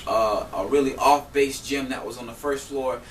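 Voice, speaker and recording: Speaking in a mid-range voice at a moderate pace, a male vlogger from South Florida launches into an angry storytelling rant about a scam he fell for. His delivery is animated, profane, and in AAVE, and he voices both people in the argument. The recording picks up a faint hum and a roomy echo from a mic placed kind of far away.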